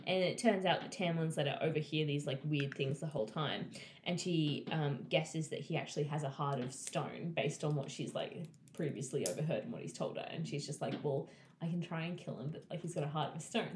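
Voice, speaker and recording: Chatty low-voiced woman in an echoey room. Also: a little fast, darkish tone, a little hiss or hum. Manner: chatty, swears freely, acts out characters' lines. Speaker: friend retelling a book. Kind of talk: casual chat.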